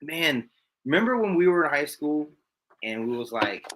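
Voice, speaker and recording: Bright-voiced chatty man guest. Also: a little high, moderate pace, slight background noise. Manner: chatty, animated, uses "like" a lot. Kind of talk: casual chat.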